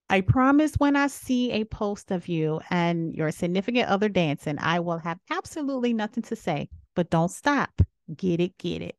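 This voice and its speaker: A woman in her thirties hosting a podcast, giving outspoken, sassy opinions in a casual way, with sudden jumps from low murmurs to high exclamations. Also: no room sound, studio quality. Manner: sassy, outspoken, preachy asides. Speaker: podcast host.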